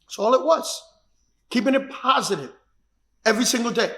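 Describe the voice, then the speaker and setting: A martial arts instructor telling his own story in an emphatic, repetitive way that builds to shouts. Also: extremely high pitch, expressive, moderate pace. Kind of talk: personal storytelling. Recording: echoey room.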